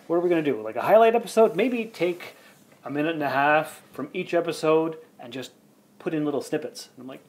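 A man's voice: fairly high pitch, expressive, brisk, darkish tone. A man hosting his own podcast, chatting casually and jokily with two co-hosts, rambling with playful jumps in his voice. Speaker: podcast host. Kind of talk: casual chat.

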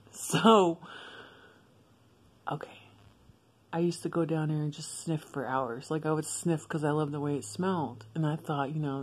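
A young woman vlogger telling a casual, blunt and profane story about herself and laughing often. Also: low-pitched.

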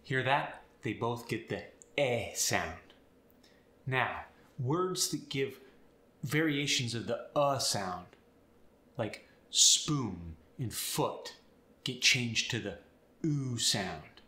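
A man teaching accents and explaining sounds step by step in an upbeat, clear way. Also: mid-range voice, expressive, drawn-out words, bright, forceful tone, echoey room. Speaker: accent coach. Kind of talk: instructional video.

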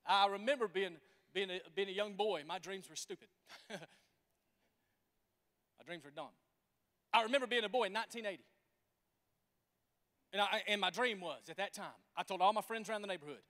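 A pastor in his forties preaches with an animated, folksy storytelling manner. His voice sits very high for a man, and it echoes through a church sanctuary with a long reverb. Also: normal speed, long pauses. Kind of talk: sermon.

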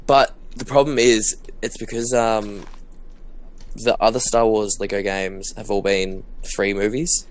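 Co-hosting a game session, a young man chats casually in a fairly low, fairly even, unhurried voice. He's upbeat and rambling, stuffing his talk with "like."

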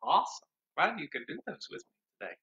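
Cheerful male music teacher, lively voice. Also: sits high, quick pace, lo-fi sound. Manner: cheerful, sings along with ukulele. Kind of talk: online music class for young children.

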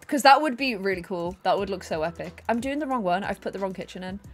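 A woman's voice: medium pitch, lively intonation, fast, soft background music. A chatty, bubbly woman streaming a life sim game at her desk at home, talking to her viewers and her pets. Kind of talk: casual live-stream chat.

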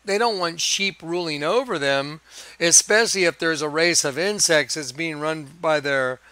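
Male video preacher, crisp clear tone, excitable rambling monologue, dry close recording. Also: fairly high pitch, no echo. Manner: excitable, emphatic, chuckling. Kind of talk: rambling religious monologue over images.

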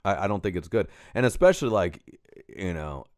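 A man co-hosting a podcast, telling a story in casual, profane chat and shouting as he acts out the scenes. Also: deep voice, brisk, no room sound, clean studio sound. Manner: animated, profane, shouts when acting out scenes. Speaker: podcast co-host.

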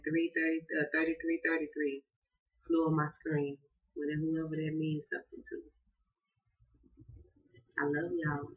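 A Southern woman reading tarot in a loose, cussing, emphatic monologue. Her voice is bright and forceful, and the audio sounds dull and lo-fi. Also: low-pitched, vocal fry. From Southern United States. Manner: profane, emphatic, slangy and affectionate. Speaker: tarot card reader.

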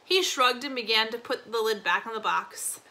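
A woman teacher reading a novel chapter aloud expressively, slowing on key phrases with a few small slips. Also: fairly high pitch, pushed and bright.

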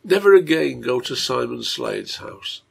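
A man voicing a gentle, pleading, sick little girl in a read-aloud story, with a husky, gravelly voice. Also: mid-range voice, huge pitch swings, a little slow, heavily acted.

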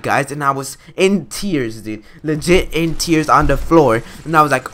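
A man's voice: a little high, unhurried, a bit bright. A young man in a casual storytime vlog, talking slangy and loose, calling his viewers guys and dude. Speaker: vlogger.

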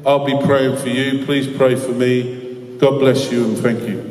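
An earnest man speaking at mid pitch, telling stories to a school assembly with a joking edge. His voice reaches the mic from a distance and rings through a large hall with a long reverb. The sound is roomy and diffuse. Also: level tone, unhurried, heavy background noise. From London, England. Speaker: guest speaker. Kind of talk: inspirational talk with storytelling. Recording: echoey hall from far off.

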